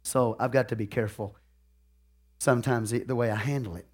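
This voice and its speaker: A male pastor, preaching live to a congregation in a folksy, conversational way that often checks in with the room. He tells stories animatedly, swinging between loud outbursts and quieter asides. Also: mid-range voice, a little fast. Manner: animated storytelling with big swings in loudness and sudden outbursts.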